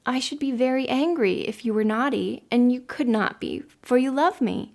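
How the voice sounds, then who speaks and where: A woman's voice: a little high, normal speed, gravelly, darkish tone, voice pushed up. A woman reading a mother's lines, tender and sorrowful. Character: loving, tearful mother of two.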